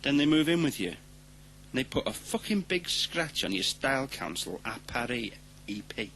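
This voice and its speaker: A man from London with a London accent, delivering a comic monologue in a ranting style that swings from deadpan to shouting. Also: medium pitch, moderate pace, a little hiss or hum. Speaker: comedian.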